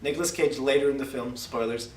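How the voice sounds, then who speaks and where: A man co-hosting a casual movie review podcast, joking and acting out scenes in quick put-on voices. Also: mid-range voice, darkish tone. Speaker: podcast co-host. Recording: roomy, distant mic with faint noise.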